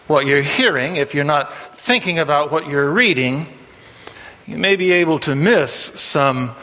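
Bright-voiced preacher in an echoing hall. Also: male voice, a little high. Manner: folksy storytelling with frequent "uh" fillers, rising for punchlines. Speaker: pastor. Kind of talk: sermon.

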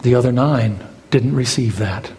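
A man's voice: medium pitch, unhurried, a little mellow. A male pastor preaching a sermon, dramatic, his voice climbing as he voices the exchange between Jesus and Peter. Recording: long hall reverb.

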